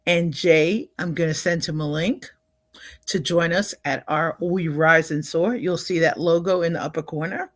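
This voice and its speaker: A woman's voice: sits low, fairly even intonation, moderate pace, dry recording, clean studio sound. An older woman hosting a livestream in a casual, upbeat way, often laughing and greeting viewers by name. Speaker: livestream host.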